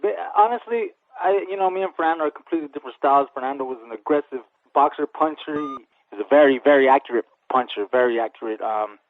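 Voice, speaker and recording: A man, a professional boxer, answering interview questions in a quick, earnest way and often repeating words as he starts a thought. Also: mid-range voice, no room sound. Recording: tinny phone-like radio sound, dry.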